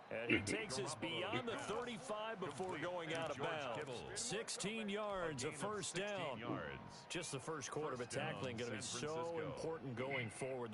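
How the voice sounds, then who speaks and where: A man voicing a video game's play-by-play announcer, calling each snap in a smooth, measured broadcast voice. His tone sits slightly high, and a loud stadium crowd roars behind him. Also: expressive, natural voice. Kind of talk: sports commentary.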